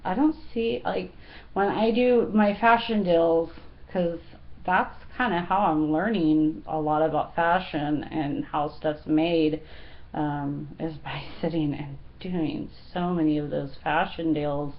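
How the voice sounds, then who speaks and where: Slow-talking chatty woman in her thirties. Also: sits low, steady tone, muffled recording. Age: 30s. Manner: chatty, giggly, lots of fillers. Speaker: fashion vlogger. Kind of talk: casual chat.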